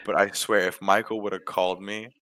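A man's voice: lowish voice, level tone, a little fast, pushed and bright. A young man in his twenties, a podcast co-host, teasing his friends in casual chat.

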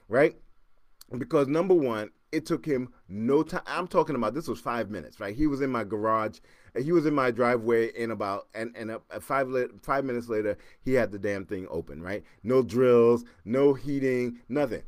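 A man hosting his podcast, telling a story casually with lively repeats and acted-out sounds. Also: medium pitch, normal speed, dry recording, studio quality. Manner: animated, repeats words and acts out sounds. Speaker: podcast host.

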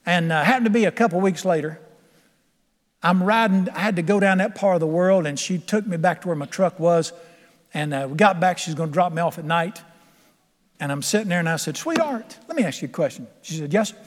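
A preacher, an older man, holds the pulpit with a high, bright-toned voice. His delivery is folksy and emphatic, and he laughs along with his own stories. The sound rings with the long reverb of a church sanctuary. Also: fairly quick. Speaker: pastor. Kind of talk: sermon.

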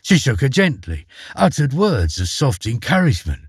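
A man narrating a fairy tale with dramatic, expressive delivery. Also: medium pitch, normal speed, husky, dry recording, studio quality. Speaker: storyteller. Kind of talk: storybook narration.

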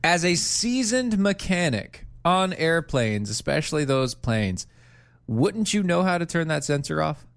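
A man's voice: a little high, big pitch swings, measured pace, vocal fry. A man co-hosting a podcast in casual chat, long-winded and playful. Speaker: podcast co-host.

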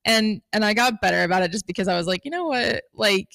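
A woman's voice: mid-range voice, fairly even intonation, fast, creaky, a bit bright, no echo, clean studio sound. A young woman in casual chat, rambling with lots of filler words and the odd swear.

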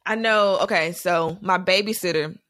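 Young woman chatting, lively funny stories, laughs a lot, dry close mic. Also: lowish voice, normal speed, no echo. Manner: animated storytelling, laughing often. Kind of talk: casual chat.

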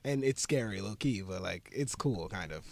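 A man's voice: on the low side, animated, normal speed, gravelly. A man co-hosting a radio talk show, laid-back and casual, announcing segments. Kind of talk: casual chat.

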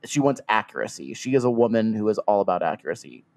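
A man's voice: fairly low pitch, sing-song, quick pace, a little mellow. A man co-hosting a podcast in crude, rambling casual comedy chat. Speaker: podcast co-host.

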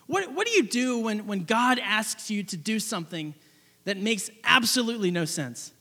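A pastor preaching in a loose, conversational way with a strikingly high, bright voice. A gravelly edge runs through it, and he keeps circling back to the same questions. His voice rings out with the long reverb of a large hall. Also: expressive, normal speed. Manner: conversational, asks repeated questions. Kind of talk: sermon.

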